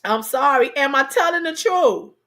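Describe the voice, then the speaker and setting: A woman's voice: high voice, expressive, moderate pace, bright, forceful tone. A woman co-hosting a casual chat, telling stories animatedly, repeating phrases for emphasis and talking straight to her audience. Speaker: co-host.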